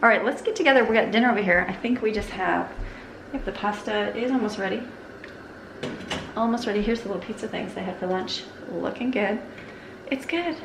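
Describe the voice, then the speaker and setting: A woman's voice: medium pitch, fairly quick, background noise. A woman vlogging casually around her family home, chatting to viewers and her kids. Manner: chatty, talks to kids and dog while walking around. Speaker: vlogger, mother. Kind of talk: casual home vlog chat. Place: family home, kitchen and bedrooms.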